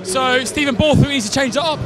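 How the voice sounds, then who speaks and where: A male rugby fan calmly giving his view of the team outdoors after a match. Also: very high voice, a little fast, crowd noise. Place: outdoors outside a stadium.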